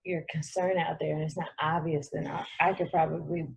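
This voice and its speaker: A woman's voice: sits low, little pitch movement, a little fast, gravelly, breathy edge. A woman co-hosting a casual dating talk show, chatty and giggly. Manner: chatty and giggly, full of fillers. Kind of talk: casual chat.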